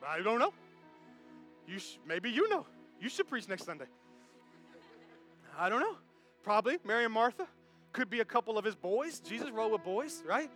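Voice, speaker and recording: A man preaching a sermon to his congregation, animated and jokey, who talks straight to the crowd. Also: high-pitched, quick pace, faint music behind. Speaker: pastor. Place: church service.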